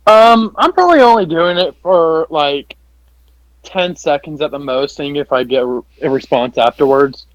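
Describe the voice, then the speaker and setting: Stammering man with a high, lively voice. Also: moderate pace, dry recording, lo-fi sound. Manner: hesitant, stammering, playful. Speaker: player. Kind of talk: tabletop role-play.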